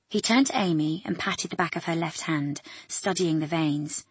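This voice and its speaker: A woman reading an audiobook in a measured, even storytelling manner. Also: low voice, slightly rough, no echo. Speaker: narrator. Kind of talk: audiobook narration.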